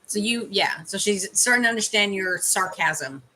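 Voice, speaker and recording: A bright, forward-sounding middle-aged woman chats casually on a livestream, tasting candies and giving viewers advice. A faint hiss sits behind her voice. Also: medium pitch, moderate pace, rough recording. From Canada. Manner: chatty, tasting candy while advising viewers. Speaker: life coach livestreaming.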